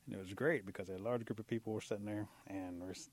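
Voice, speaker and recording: A man telling a traditional animal folktale aloud in an animated way, leaning on the key words. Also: on the low side, quick pace. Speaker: storyteller. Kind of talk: oral folktale storytelling.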